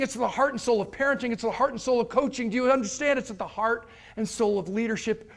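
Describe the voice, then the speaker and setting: A man giving a motivational lecture to a live audience, telling an anecdote and acting out the people in it with lively changes of voice. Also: extremely high pitch, creaky. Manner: animated, acts out characters' voices. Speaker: motivational speaker. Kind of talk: storytelling keynote lecture.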